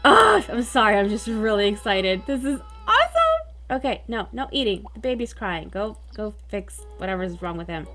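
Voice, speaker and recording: A young woman hosting a let's play, giving casual game commentary, easily exasperated and dramatic, bursting into excitement. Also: medium pitch, brisk, hardly any pauses, soft background music.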